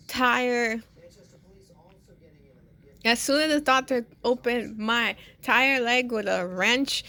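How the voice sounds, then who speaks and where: A woman's voice: fairly high pitch, sharp tone. A young woman casually telling a personal story, rambling and restarting her sentences often. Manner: rambling, with many restarts and repeated words.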